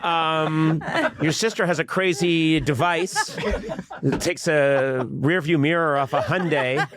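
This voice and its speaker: A man hosting a comedy podcast, riffing in mock exasperation and breaking into goofy high noises. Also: steady tone, slow pace, crowd noise. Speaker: podcast host. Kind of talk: comedic casual chat. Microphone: studio podcast microphone, close.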